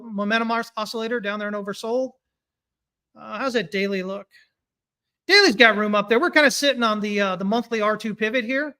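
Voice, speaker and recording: A man giving casual live-stream commentary on price charts, reading viewer comments as he goes. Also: sits high. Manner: animated, talks through charts, reads viewer comments. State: hiccuping. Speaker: market analyst streaming chart analysis.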